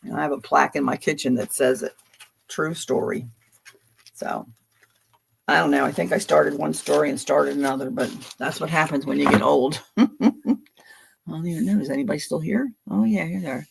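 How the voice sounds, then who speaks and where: A woman's voice: sits low, normal speed, gravelly, pauses often, husky. A woman in her seventies from Philadelphia, reading tarot on a livestream and chatting casually, rambling from story to story with frequent laughter. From Philadelphia, USA. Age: 70s. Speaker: tarot reader hosting a livestream.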